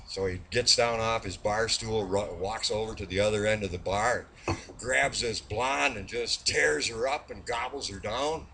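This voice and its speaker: Midwestern man, bright forceful voice, folksy rambling joke teller, faint bar noise behind. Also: on the low side. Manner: folksy, drawn-out delivery with fillers. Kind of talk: rambling storytelling.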